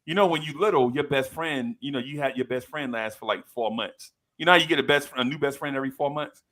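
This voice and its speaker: A man in his fifties, co-hosting a podcast, telling a story with lively energy and acting out the people in it. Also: mid-range voice, fast. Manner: animated storyteller, acts out quoted people in a raised voice. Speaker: podcast co-host. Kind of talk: casual chat.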